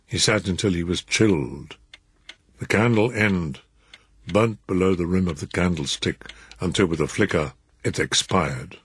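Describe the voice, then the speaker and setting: A man narrating a story in an expressive, measured reading. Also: deep voice, husky. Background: music.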